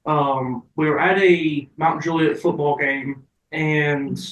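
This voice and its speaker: A man's voice: fairly high pitch, fairly even intonation, slow, a bit bright, roomy sound, far from the mic, slight background noise, poor audio. A man telling casual, profane stories as an interview guest.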